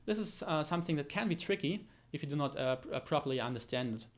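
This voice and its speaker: This guitar teacher talks quickly and animatedly in a fairly high voice while loud guitar plays beneath. Explaining technique, he fills his speech with fillers and restarts and counts the beats out loud.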